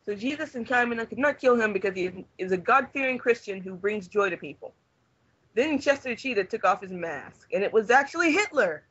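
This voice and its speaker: A young man reading fanfiction aloud to friends in a deadpan manner, trying not to laugh. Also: high voice, fairly quick, slightly rough, no echo, muffled recording. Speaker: reader among friends.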